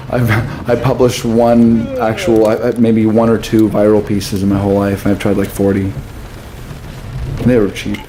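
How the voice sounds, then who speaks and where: A man talking in a rambling, casual monologue to his camera, dropping absurd jokes in a deadpan way. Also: fairly low pitch, noisy background. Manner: jokey, absurd deadpan asides. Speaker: vlogger.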